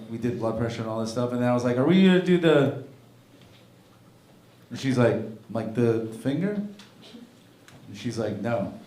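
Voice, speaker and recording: A man in his forties hosting an open mic, bantering loudly and excitably between comics on a club stage. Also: medium pitch, a little hiss or hum. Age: 40s. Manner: loud, excitable. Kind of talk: comedy emcee banter. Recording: roomy club echo, faint background ambience.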